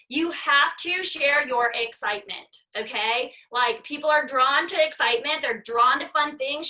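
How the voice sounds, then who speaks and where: A woman's voice: sits high, pushed and bright. Casual: woman coaching her sales team, keeps repeating stuff, kinda distant from the mic. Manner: emphatic, chatty, repeats herself. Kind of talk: motivational training talk.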